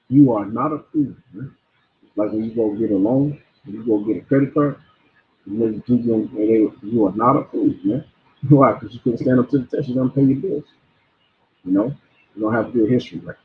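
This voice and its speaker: A man delivers an informal sermon in a blunt, preachy way. He restarts words and repeats himself, his voice at a middling pitch. The sound is thin and phone-like.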